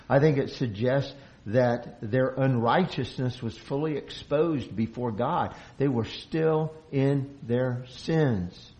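A man's voice: mid-range voice, a little mellow, rough recording. A man preaching an expository sermon, earnest, often restarting phrases and raising his voice for quoted lines. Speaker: pastor.

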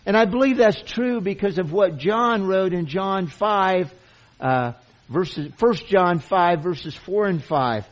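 A man's voice: fairly high pitch, slow pace. Earnest male preacher, lo-fi sermon. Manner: earnest, emphatic, often repeats himself. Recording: dull lo-fi sound.

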